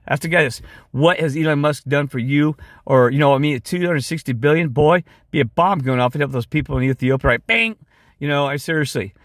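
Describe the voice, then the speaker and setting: A man's voice: mid-range voice, no room sound, clean studio sound. Rambling, weary man talking to camera. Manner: rambling, impassioned, goes off track. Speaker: video creator. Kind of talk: rambling monologue with screen share.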